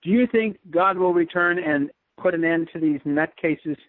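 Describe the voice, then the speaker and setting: An earnest radio host, a man whose voice sits a little high, pressing his points through repetition. The sound is dry and narrow, like a phone line with no room around it. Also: normal speed, no echo. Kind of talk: casual radio interview talk.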